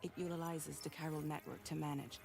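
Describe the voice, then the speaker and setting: A grave, gravelly game courier boss. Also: female voice, low-pitched, flat delivery, a little fast. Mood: solemn. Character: grave woman briefing a courier. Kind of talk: game cutscene dialogue. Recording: game audio with music behind.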